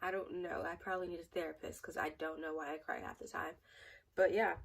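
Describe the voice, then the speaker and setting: A young woman tells a rambling, chatty story in a casual vlog, full of "like" and restarts. Her voice sits a little low and sounds husky, and she is set back from the mic. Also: little pitch movement, brisk, distant mic, poor audio. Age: young adult. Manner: rambling, chatty, lots of fillers. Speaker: vlogger.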